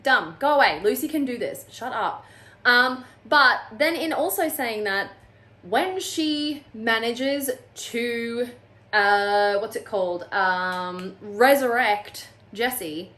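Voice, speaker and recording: Lady vlogger ranting about a book, unhurried, sarcastic. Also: fairly high pitch, bright, forceful tone. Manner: exasperated, sarcastic, mocks characters in quotes. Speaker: book reviewer. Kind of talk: casual video review.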